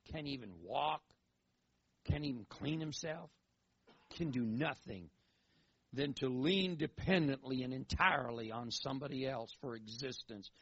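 A man preaching a sermon in an animated way, repeating phrases for emphasis, on a dull lo-fi recording. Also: medium pitch, breathy edge, no echo. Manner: animated, acts out quoted voices, emphatic repetition.

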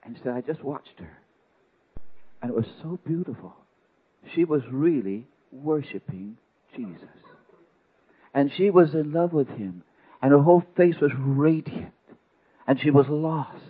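A man preaching a sermon, telling a story with dramatic swings from hushed to loud. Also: fairly high pitch, unhurried, long pauses, slightly rough. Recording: tinny phone-like sound.

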